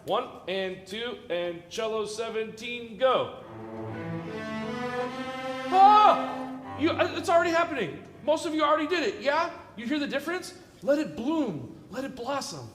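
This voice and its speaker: A man's voice: extremely high pitch, lively intonation, moderate pace, hardly any pauses, music in the background. A man leading an orchestra rehearsal, joking and encouraging the players as he coaches them. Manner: playful, encouraging, jokey. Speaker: orchestra conductor. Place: large concert hall. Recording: echoey hall with long reverb.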